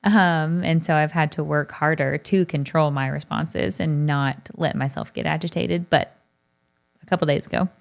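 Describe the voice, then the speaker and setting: A woman's voice: low voice, fairly even intonation, moderate pace, vocal fry. A woman in her thirties co-hosting a parenting talk show, telling a family story in a chatty way with frequent laughs. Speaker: podcast co-host. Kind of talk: casual chat.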